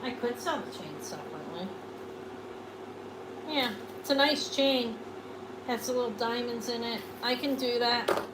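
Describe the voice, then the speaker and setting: A woman's voice: on the high side, a little slow, pauses often, very noisy. A woman hosting a live online jewelry sale, chatting loosely and often trailing off mid-sentence. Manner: chatty, rambling, trails off and restarts.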